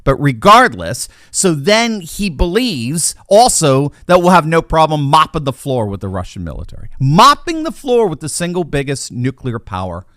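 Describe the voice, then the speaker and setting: Sarcastic, animated man commentator. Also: high voice, moderate pace, few pauses, no room sound, studio quality. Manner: impassioned, sarcastic. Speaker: political commentator. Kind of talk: political commentary monologue.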